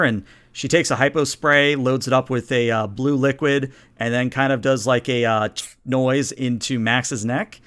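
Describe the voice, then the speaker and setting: A man's voice: mid-range voice, fairly even intonation, a little slow, hardly any pauses, a bit bright, clean tone. A man running a tabletop game as game master, narrating in a casual, rambling way. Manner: casual, rambling, many fillers.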